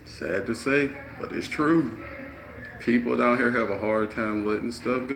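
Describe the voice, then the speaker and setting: A man's voice: mid-range voice, measured pace, gravelly, fairly bright tone. A man telling everyday stories in an earnest, preaching way. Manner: earnest, preachy, acts out voices. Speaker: storyteller. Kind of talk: casual storytelling monologue. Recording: roomy, faint background noise.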